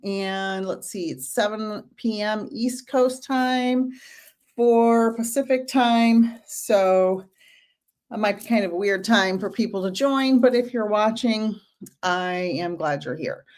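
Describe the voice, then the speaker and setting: Woman doing a chill live q&a stream, talks slow, says hi to viewers by name, bit out of breath. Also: medium pitch, darkish tone. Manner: chatty, greets viewers by name. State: a little out of breath. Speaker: medium and live stream host.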